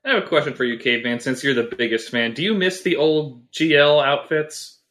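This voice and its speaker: Man, jokey film riffing, bright forward voice, casual. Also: medium pitch, steady tone. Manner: jokey, quick with references, laughs often.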